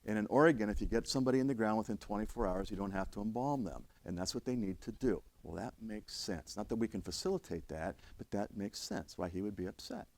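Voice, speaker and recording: Low-voiced older man telling a story. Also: animated, fast, few pauses. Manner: emphatic, with frequent restarts and swings in loudness. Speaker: fire service instructor. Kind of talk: storytelling lecture.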